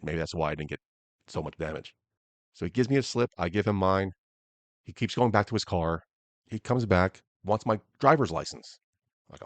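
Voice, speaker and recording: A man with a very low, deep voice tells a story on his podcast, heated and cursing as he goes. The sound is dry and close, with no room echo. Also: sing-song, brisk. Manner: angry, profane storytelling. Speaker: podcast host.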